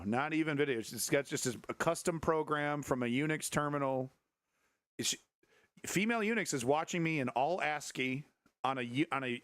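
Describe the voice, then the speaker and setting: A man hosting a live stream, reacting to clips with sarcastic, profane commentary and now and then breaking into shrill mocking voices. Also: fairly bright tone, clean tone, no room sound. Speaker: livestream host.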